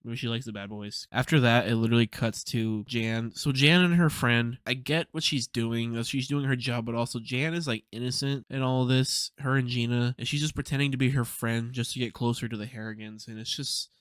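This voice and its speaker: Smooth-voiced young man rambling casually. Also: medium pitch, fairly even intonation, brisk, hardly any pauses, fairly bright tone, dry recording, studio quality. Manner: casual, rambling, swears freely, lots of "like". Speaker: TV episode reviewer. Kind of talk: casual spoiler recap.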